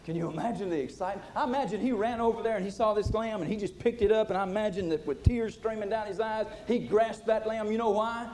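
A man preaching a sermon with passion, swinging from loud to hushed. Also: high-pitched, quick pace, few pauses, slight background noise.

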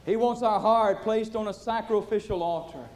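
A man preaching a sermon with passion, swinging from loud to hushed. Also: high voice, moderate pace.

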